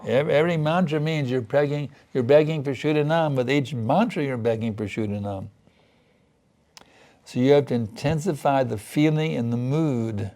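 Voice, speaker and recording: Gravelly-voiced man giving a sermon. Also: medium pitch, moderate pace, warm tone. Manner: earnest, pleading when voicing prayers. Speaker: spiritual teacher.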